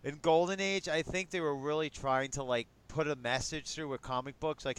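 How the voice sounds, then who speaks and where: Smooth-voiced man musing casually. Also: mid-range voice, expressive, a little fast, hardly any pauses, fairly bright tone. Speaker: podcast co-host. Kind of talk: casual chat.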